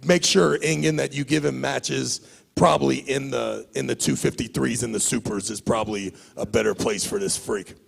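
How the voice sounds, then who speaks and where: A man giving his view on an upcoming arm-wrestling match at a press conference, in measured and emphatic verdicts. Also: mid-range voice, steady tone, vocal fry, husky. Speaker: invited analyst at a press conference. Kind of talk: spoken match analysis. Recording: reverberant hall.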